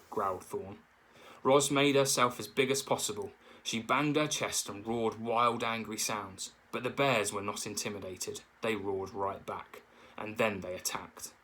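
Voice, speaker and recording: A man's voice: lowish voice, fairly bright tone, breathy edge, poor audio. A man, a teacher, reading a children's novel aloud and stopping to explain words.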